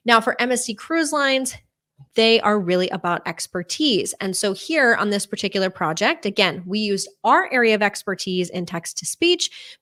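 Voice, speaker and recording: Lady doing a keynote talk, medium pitch, some uh's here n there. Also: a bit bright. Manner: presenting with light fillers. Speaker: keynote speaker.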